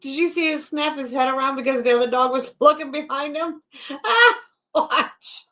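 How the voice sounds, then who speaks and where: Woman, high voice, live reaction commentary, skeptical, questioning. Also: moderate pace, bright, forceful tone. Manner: skeptical, questioning, talks back at the clip. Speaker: host reacting to a video.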